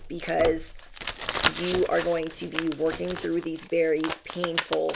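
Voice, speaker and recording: Low gravelly woman giving a spiritual reading. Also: monotone, unhurried, heavy background noise. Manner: earnest, reassuring, rambling with fillers. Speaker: spiritual reader. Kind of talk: channeled energy reading to viewers.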